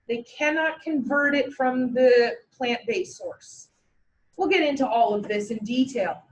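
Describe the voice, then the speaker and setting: Vet tech instructor, woman, high pitch; blunt, joking, emphatic classroom lecturing; far, roomy mic. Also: measured pace, a little hiss or hum. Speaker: veterinary technician instructor. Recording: echoey room, mic far away.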